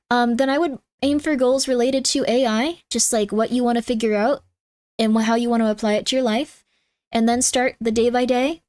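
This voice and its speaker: A fairly high-pitched woman chatting to her stream audience. She rambles and gives advice with lots of fillers. The sound is dry and close, with no room around her. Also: darkish tone, no room sound. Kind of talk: casual chat to a live audience.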